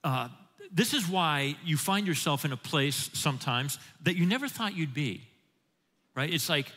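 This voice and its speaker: A man's voice: fairly high pitch, expressive, unhurried, sharp tone. A man preaching a sermon as pastor, emphatic, quoting scripture and putting questions to the congregation. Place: church sanctuary. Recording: church hall with long reverb.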